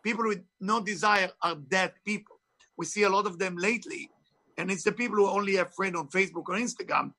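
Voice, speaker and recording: Here a spiritual teacher and author with a strong foreign accent gives an interview, his high, sharp voice moving fairly quickly. He is emphatic and preachy, and his wording is non-native.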